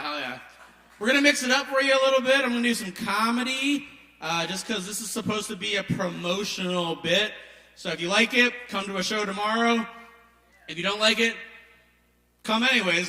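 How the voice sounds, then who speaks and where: A man from Maryland doing stand-up comedy at an open mic, with an animated, punchy delivery. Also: sits high. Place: kava bar open mic.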